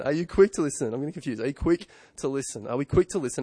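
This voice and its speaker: A man's voice: medium pitch, lively intonation, rapid-fire, few pauses, darkish tone, no echo. A man in his thirties, a pastor preaching a conversational sermon full of rhetorical questions and self-corrections.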